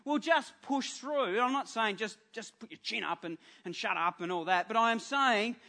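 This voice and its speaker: Bright high-voiced male pastor preaching. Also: vocal fry. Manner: earnest, halting with repeated restarts. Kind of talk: sermon. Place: church.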